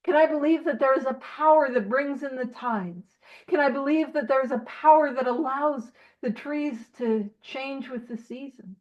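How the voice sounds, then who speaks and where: A woman leading a recovery study over a video call, animated and self-teasing, asking question after question. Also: high-pitched, moderate pace, dull audio.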